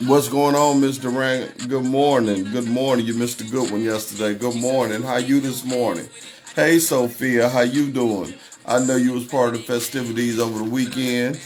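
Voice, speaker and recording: A man hosting a casual livestream, greeting viewers by name and talking over the news in a loose, conversational way. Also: medium pitch. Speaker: livestream host.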